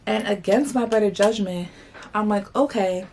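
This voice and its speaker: A woman's voice: medium pitch, normal speed, slight background noise. A young woman from New York, talking casually as she tells a story and repeats 'like' and 'blah blah'. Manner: animated, slangy retelling full of 'like' and 'blah blah'. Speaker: vlogger.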